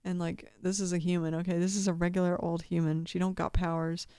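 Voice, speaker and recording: Mellow-voiced woman, rambling commentary. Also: on the low side, flat delivery, fairly quick, clear, resonant tone, dry recording, clean studio sound. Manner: rambling, swears constantly, laughs often. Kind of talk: casual video commentary.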